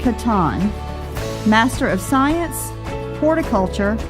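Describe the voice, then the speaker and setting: A woman announcer reads graduates' names and degrees in a formal, measured way, unhurried and deliberate. Her voice is a little high with big swings in pitch, and faint music plays underneath.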